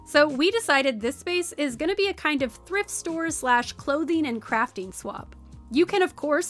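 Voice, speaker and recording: Bright, high-voiced woman streamer. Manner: chatty, playful gossiping about villagers. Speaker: streamer and game channel host. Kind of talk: casual let's play commentary.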